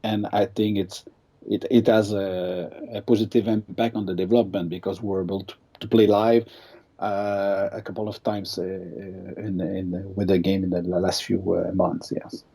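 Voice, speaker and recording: A man's voice: low voice, level tone, normal speed, warm tone, breathy edge. A man being interviewed as a game designer, talking casually and hesitantly with many restarts.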